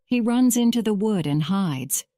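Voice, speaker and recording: A woman reading a simple storybook aloud for English learners, clear and deliberate. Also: mid-range voice, animated, dark tone, no echo, clean studio sound. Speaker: narrator. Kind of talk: slow scripted story narration for English learners.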